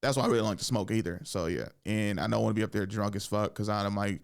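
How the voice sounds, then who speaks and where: A man's voice: on the low side, fast talker, gravelly, clear, resonant tone. A young man hosting a casual podcast, telling a story with lots of swearing and jumping into voices. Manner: animated storyteller, swears a lot, acts out voices. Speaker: podcast host and stand-up comedian.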